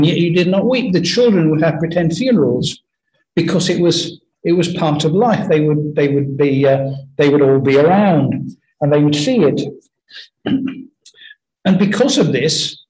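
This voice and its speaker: Male preacher, conversational sermon, earnest storytelling, halting restarts, a bit high-pitched. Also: darkish tone, poor audio.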